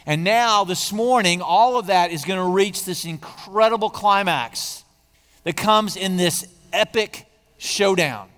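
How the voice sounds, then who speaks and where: A male pastor reads scripture in a sermon, dramatic and swinging from loud emphasis to a near hush. His voice sits slightly high. It rings with the long reverb of a large church sanctuary. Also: measured pace.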